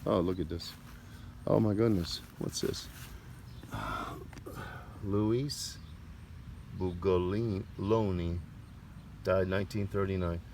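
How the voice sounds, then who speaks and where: A man's voice: sits low, steady tone, normal speed, a little mellow, a little hiss or hum. A man casually narrating a walk through a cemetery, rambling and stumbling over names as he reads gravestones. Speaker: cemetery tour vlogger. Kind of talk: casual walking commentary. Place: outdoor cemetery.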